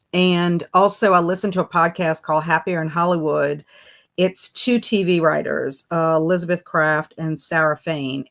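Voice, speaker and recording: A middle-aged woman, hosting a casual book livestream, chatting upbeat and greeting viewers by name in a sing-song lift. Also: low voice. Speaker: booktube host. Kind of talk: casual livestream chat reading viewer comments.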